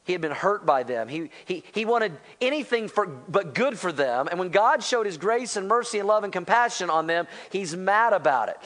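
Male pastor, bright high voice, animated conversational sermon, voices the quotes himself. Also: normal speed, hardly any pauses. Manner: animated preaching, voices quotes, asks the congregation.

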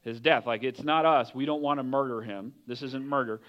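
A man's voice: mid-range voice, fairly quick, highs cut off. A man preaching a conversational sermon, often asking the listeners questions. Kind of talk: casual sermon.

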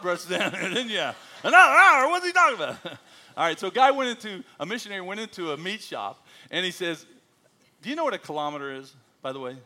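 A middle-aged American man, a missionary, telling stories to a church congregation. He acts out the quoted lines in a joking voice. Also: fairly high pitch. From United States. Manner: animated storyteller, acting out quotes with a jokey voice. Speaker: missionary speaker.

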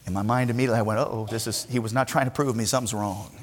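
A middle-aged male pastor telling a personal story in a sermon, swinging between hushed and loud delivery. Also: medium pitch, steady tone, very fast, big-room sound.

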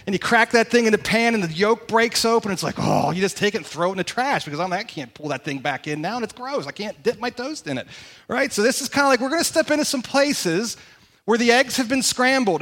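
A male pastor preaching in a church, his voice sitting high for a man. He talks to the congregation in a lively, conversational way and keeps asking them questions. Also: brisk. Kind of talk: sermon. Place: church sanctuary.

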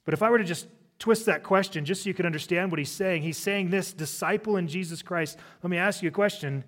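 A man's voice: sits high, quick pace, fairly bright tone. Chatty man preaching a sermon. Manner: conversational preaching with humorous asides. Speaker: pastor.

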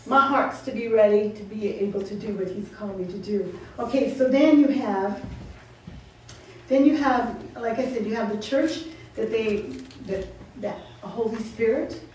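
A woman's voice: on the high side, normal speed. Woman preaching in an echoey church. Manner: animated, repeating questions to the congregation, laughing asides. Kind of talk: sermon. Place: church sanctuary. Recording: roomy echo, from far off, faint noise.

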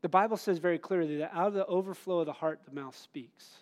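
A man's voice: high voice, quick pace. A middle-aged man preaching a sermon in an earnest, conversational way, laughing at himself now and then.

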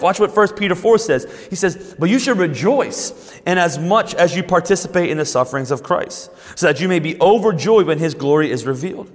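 A man preaches from the pulpit with a somewhat high voice. He stumbles over repeated words, then draws out key phrases slowly and loudly. The sound rings out in a large hall with a long reverb. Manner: repeats words and restarts, slows and rises for emphasis. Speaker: pastor. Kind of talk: sermon.

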